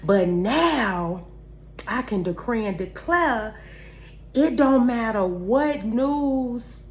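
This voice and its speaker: A woman's voice: fairly high pitch, lively intonation, very slow, a little hiss or hum. A woman talking candidly to her viewers about faith and positivity, emphatic and repeating her phrases like a preacher. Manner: candid, addresses viewers directly as y'all. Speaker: vlogger. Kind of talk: heartfelt faith-based motivational talk.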